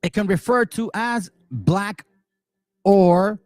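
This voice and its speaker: A man's voice: high voice, slow, darkish tone, no echo, soft background music. A man hosting a commentary channel, delivering a heated, profane, mocking monologue full of repetition. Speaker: religious commentary channel host.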